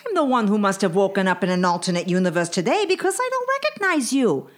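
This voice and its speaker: A woman voicing Sophie, a fussy, teasing older sister, exclaiming in a lively sing-song. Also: medium pitch, fast, natural voice. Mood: kvetching. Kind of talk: comedy sketch acting.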